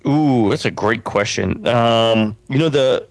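Co-host guy, dry mic, kinda unsure, thinking out loud. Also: medium pitch, slow pace, dry recording. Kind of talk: casual chat.

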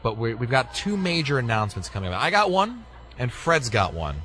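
Guy hosting live radio, bright forceful voice, jokey, laughs a lot. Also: medium pitch, very animated, brisk. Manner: jokey, laughs often, runs the show. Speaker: radio show host. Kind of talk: casual live radio chat.

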